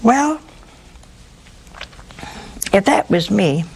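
A woman preaching, her throat sore, who tells her story with lively humor and animated pacing. Her voice sits at a middle pitch, with faint noise in the background. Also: measured pace, poor audio. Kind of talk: sermon storytelling.

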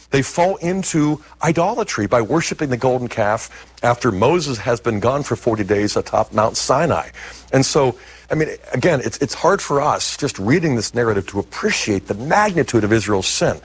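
A man with a husky, slightly breathy voice explains scripture with lively swings in pitch. He teaches emphatically, building and stressing his points as a guest on a talk program. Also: normal speed. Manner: animated, emphatic teaching delivery. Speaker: biblical scholar guest.

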